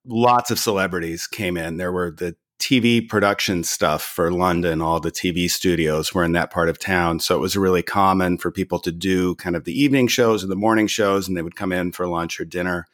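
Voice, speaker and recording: A man co-hosting a casual chat, telling a story in a relaxed, measured way. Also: low voice. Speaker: podcast co-host.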